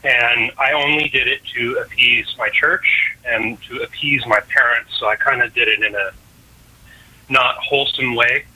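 A man's voice: medium pitch, steady tone, unhurried, sharp tone, low-quality recording. A man calling in to a radio show, asking his question in a casual, joking, slightly rambling way. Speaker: caller.

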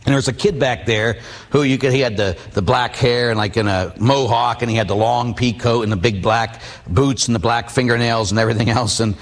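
A middle-aged man preaches as a Catholic priest, weaving personal stories into his sermon and asking his listeners questions. His voice sits at an ordinary pitch for a man. Long reverb trails behind his words, as in a large hall. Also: steady tone, brisk. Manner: storytelling, rhetorical questions to the audience.

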